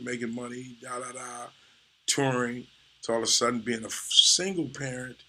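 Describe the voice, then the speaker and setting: A man's voice: mid-range voice, vocal fry, pushed and bright. A man, a comedian, telling a profane, laid-back story full of "you know"s. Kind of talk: casual storytelling.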